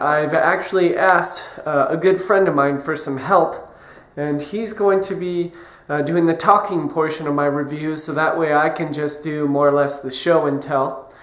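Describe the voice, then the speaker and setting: A man's voice: a little high, echoey room. Congested, nasal man with a cold. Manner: casual, hesitant with many ums. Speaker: archery gear reviewer. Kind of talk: casual video review intro.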